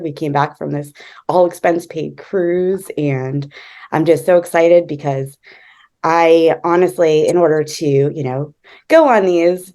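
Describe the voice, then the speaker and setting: A woman's voice: lowish voice, darkish tone. A young woman chatting on a video call, grateful and giggly, with lots of fillers. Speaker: member sharing good news. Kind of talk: casual chat on a call.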